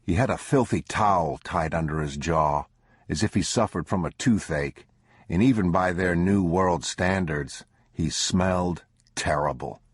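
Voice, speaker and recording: A man narrates a bleak survival audiobook with a measured, grim delivery. His voice is deep and husky, and the close, dry recording keeps it intimate. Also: no room sound. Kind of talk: scripted narration.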